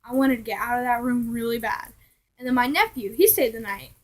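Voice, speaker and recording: A young woman casually telling ghost stories to her vlog viewers, chatty and animated, now and then dropping to a hushed aside. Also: a little high, fairly quick, rough recording. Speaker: vlogger.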